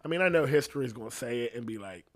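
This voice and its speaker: A man hosting a podcast, ranting in a rambling, profane, comedic way, laughing often and sometimes dropping to a low mutter. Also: animated, rapid-fire. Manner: drops to a low mutter at times. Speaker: podcast host. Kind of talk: casual comedic rant.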